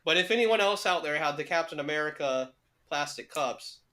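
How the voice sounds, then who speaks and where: Young man, podcast co-host, bright tone, crude jokes, laughs a lot. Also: fairly high pitch, animated, moderate pace. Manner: joking, profane, laughs often. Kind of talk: casual chat.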